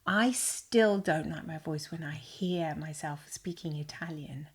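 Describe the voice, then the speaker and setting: A woman's voice: low voice, a little slow, slightly rough. Chatty middle-aged Englishwoman, podcast co-host. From England. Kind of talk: casual chat.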